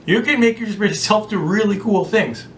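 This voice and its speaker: A man giving a casual, chatty teaching talk on prayer, full of anecdotes and "like". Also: measured pace. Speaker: spiritual teacher. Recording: distant mic with faint rumble.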